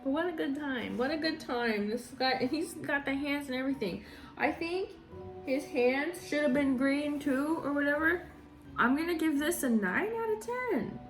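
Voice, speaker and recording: A woman's voice: high-pitched, expressive, moderate pace, fairly bright tone, soft background music. A woman vlogger in casual reaction commentary, laughing often and trailing off mid-thought.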